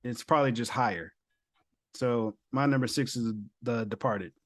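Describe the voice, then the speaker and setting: Give me a relaxed, mid-pitched man co-hosting a movie podcast. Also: normal speed. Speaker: podcast co-host. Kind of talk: casual movie debate.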